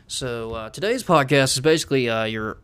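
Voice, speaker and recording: A man's voice: medium pitch, animated, fairly quick, fairly bright tone, clean tone. A man with a Southern American accent hosting a podcast, talking loosely with lots of fillers. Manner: rambling with many fillers. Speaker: podcast host. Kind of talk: casual podcast chat.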